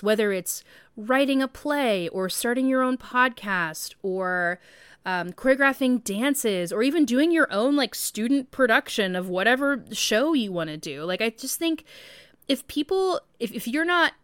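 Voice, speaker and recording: A woman in her thirties talks through a casual podcast monologue, rambling and chatty with plenty of filler words. Her voice is smooth and clear, recorded close and dry with no room sound. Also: on the high side, expressive, a little slow, fairly bright tone, no echo. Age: 30s. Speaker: podcast host.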